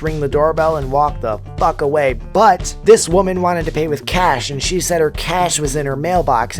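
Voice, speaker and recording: Profane man ranting a storytime. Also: fairly high pitch. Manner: crude, heated, swears constantly. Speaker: pizza delivery driver and vlogger.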